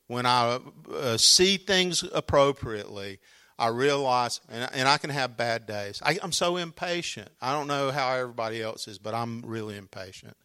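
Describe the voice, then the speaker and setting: A man's voice: mid-range voice, fairly bright tone, clear, resonant tone. A man preaching a sermon as pastor, earnest and emphatic, often restarting his sentences.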